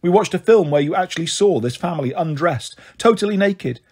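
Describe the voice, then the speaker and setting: Male audiobook reader, steady, breathy tone. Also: a little high, fairly quick. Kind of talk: storybook narration.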